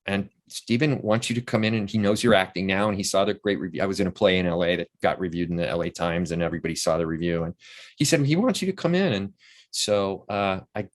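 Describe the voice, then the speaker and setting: A man in his sixties with a fairly low voice tells stories from his acting days in a relaxed interview. He is animated and keeps jumping into the voices of the people he quotes, raising his pitch for their lines. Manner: animated storyteller who acts out quoted voices. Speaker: interview guest, actor and playwright. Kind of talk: casual storytelling interview.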